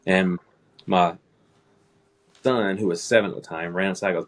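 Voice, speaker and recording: A man's voice: sits low, fairly even intonation, moderate pace. A man in his thirties, an air traffic controller, telling a personal story in casual conversation and laughing at himself.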